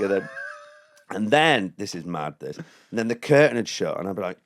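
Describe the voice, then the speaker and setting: A deep-voiced man with a pitch that swoops all over as he tells a story. He's a comedian chatting on a podcast, laughing a lot and putting on other people's voices mid-anecdote. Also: normal speed, a little hiss or hum. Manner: animated anecdote-telling, acting out others in raised voices, laughing, swearing. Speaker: comedian guest. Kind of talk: casual podcast chat, storytelling.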